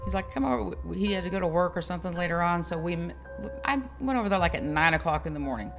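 A woman co-hosting a podcast, telling a dating story in casual chat, animated and laughing as she goes. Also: on the low side, quick pace, music in the background. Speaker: podcast co-host.

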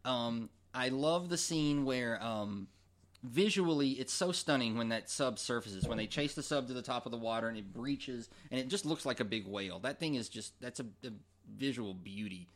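A man's voice: mid-range voice, moderate pace. A man co-hosting a movie podcast in casual chat. He talks enthusiastically and repeats words as he gathers his thoughts. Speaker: podcast co-host.

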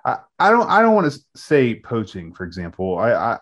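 A man co-hosting a casual podcast, asking a question haltingly and searching for his words. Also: medium pitch, wildly swooping pitch, fairly bright tone, dull audio. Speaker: podcast co-host, minister. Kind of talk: casual chat.

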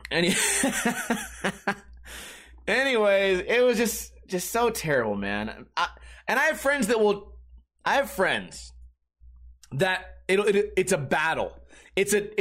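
A young man hosting a podcast, telling a rambling, swearing comedic story and acting out panicked shouts. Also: high-pitched, big pitch swings, unhurried, long pauses. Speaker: podcast host. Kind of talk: casual comedic monologue.

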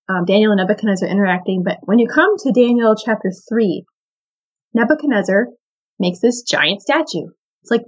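A woman's voice: mid-range voice, dull audio. A woman hosting a podcast, teaching a Bible story in a casual, enthusiastic way, with lots of "I mean" and "like". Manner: chatty and enthusiastic, full of "I mean" and "like".

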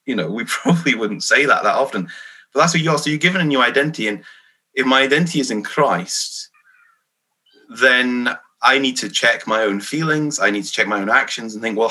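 A man's voice: fairly low pitch, pushed and bright, poor audio. A man raised in England, a Presbyterian minister, answering interview questions in an earnest, reflective and self-deprecating way. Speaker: Free Church minister.

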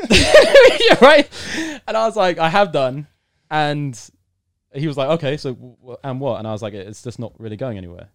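A young man tells a long story in a casual interview, acting out each person in it. His voice sits at an average pitch. The sound is dry and close, with no room echo. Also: brisk. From United Kingdom. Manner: animated storyteller, acts out quotes, bursts into loud excitement. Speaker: podcast guest.

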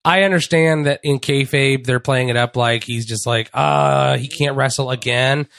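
A man's voice: mid-range voice, creaky, fairly bright tone, dry recording. Profane, rambling man recapping wrestling. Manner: profane, rambling, with quick impressions. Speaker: podcast co-host. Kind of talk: casual wrestling recap chat.

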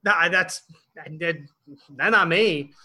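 A man's voice: a little high, measured pace, sharp tone. A man from Puerto Rico, a guest on a video call in an improv comedy scene, talking casually and dodging blame. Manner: casual, evasive, defensive. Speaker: guest, angel investor.

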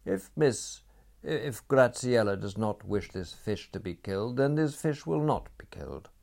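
A man reads a calm young man in a storybook who speaks with quiet, measured firmness. The voice is deep and gravelly, only slightly lifted from the reader's own. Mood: firm.

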